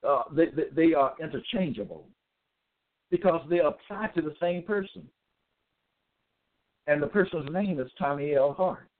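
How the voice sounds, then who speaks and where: A man giving a religious monologue with scripture readings, emphatic and repetitive, stressing words slowly. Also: fairly high pitch. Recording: tinny phone-like audio.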